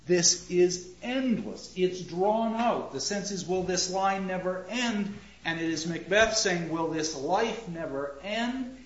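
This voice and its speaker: A man teaching a class on poetry, reading lines aloud slowly and rhythmically and putting questions to the students. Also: high-pitched, a bit bright. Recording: roomy, dull lo-fi classroom recording.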